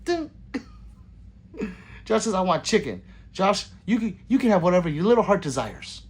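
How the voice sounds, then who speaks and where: Lively, joking livestream host. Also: male voice, high voice, a little slow, slightly rough. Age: adult with children. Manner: joking, rambling, reads viewer comments aloud. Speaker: livestream host reading chat. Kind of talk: casual livestream chat.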